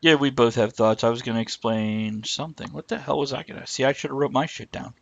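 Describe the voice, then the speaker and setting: A man's voice: medium pitch, quick pace, vocal fry, a bit bright, highs cut off. A man co-hosting a live stream, rambling casually and breaking off mid-thought. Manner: rambling, self-interrupting, reads chat aloud. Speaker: livestream co-host.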